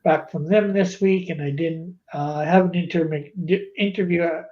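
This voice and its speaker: A man's voice: a little high, steady tone, normal speed, highs cut off. A man chatting casually on a stream, hesitant and full of restarts and "you know"s. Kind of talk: casual chat.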